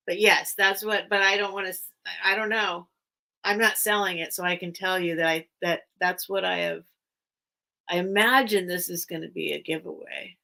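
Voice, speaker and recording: A woman's voice: fairly low pitch, gravelly, pushed and bright, rough recording. A woman hosting a casual live sale stream, chatting in a rambling, enthusiastic way. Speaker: online sale host. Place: at home among her collection.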